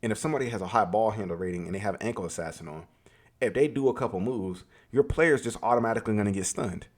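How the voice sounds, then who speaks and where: A man's voice: fairly low pitch, fast. Emphatic man ranting about games. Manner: emphatic, repetitive, profane. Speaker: gaming commentator. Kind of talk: opinionated gaming rant.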